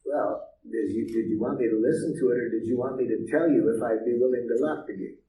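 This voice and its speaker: Teasing and playful, this workshop leader tells stories as he runs role-play exercises in a workshop room. He speaks quickly at a medium pitch with a mellow tone, captured from a distance in an echoey space with faint hiss.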